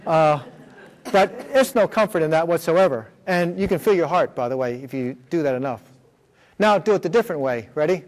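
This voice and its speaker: A man gives a workshop lecture in a school room, explaining step by step and checking in with the audience. His voice sits a little high. A long reverb trails his words through the hall. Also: brisk. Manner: explains step by step, with many fillers and check-ins. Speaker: workshop presenter. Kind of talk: lecture with slides.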